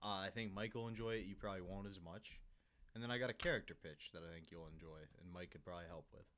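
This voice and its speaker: A man talks in a relaxed, dry, deadpan way, pitching ideas to the others. His voice sits fairly low. He keeps an easy, conversational tone. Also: fast. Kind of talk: casual comedic chat.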